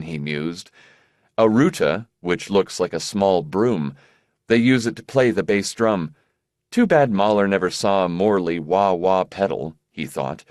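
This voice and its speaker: A man narrating an audiobook in a measured, expressive reading voice. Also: sits low, no room sound, studio quality. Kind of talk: scripted narration.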